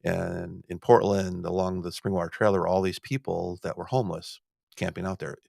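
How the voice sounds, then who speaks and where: A man's voice: deep voice, fairly even intonation, a little fast, creaky, a little mellow, no echo, studio quality. A middle-aged man hosting a podcast, telling a long rambling story in casual talk, with many restarts and stammered repeats. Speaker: podcast host.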